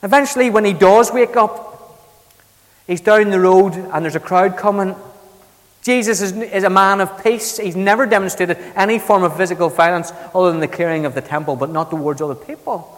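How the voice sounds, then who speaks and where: Male preacher, animated storyteller, echoey church hall, slightly high voice. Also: moderate pace. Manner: lively storytelling preacher, acts out Bible figures with big swings in loudness. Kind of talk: sermon.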